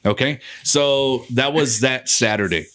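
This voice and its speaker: A man's voice: mid-range voice, a little slow, fairly bright tone. A man from West Texas, a podcast guest, telling a ghost story in a loose, conversational way, swearing and laughing between lines.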